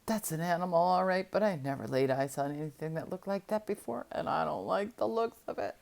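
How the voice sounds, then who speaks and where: A woman voicing a hushed young country boy. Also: lowish voice, a little fast, creaky. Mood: uneasy. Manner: hushed, whispering to his dog. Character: young country boy, curious and easily riled.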